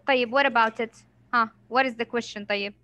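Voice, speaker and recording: A woman's voice: on the high side, steady tone, quick pace, sharp tone, clear, resonant tone, highs cut off. A woman teacher leading a reading lesson, patient and encouraging, who sprinkles Arabic words into her talk.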